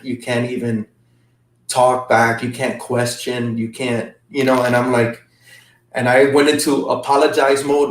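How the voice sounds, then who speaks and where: A man as a guest, recounting an emotional trip in halting casual talk with many restarts. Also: mid-range voice. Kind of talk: casual storytelling. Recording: roomy sound from a distant mic.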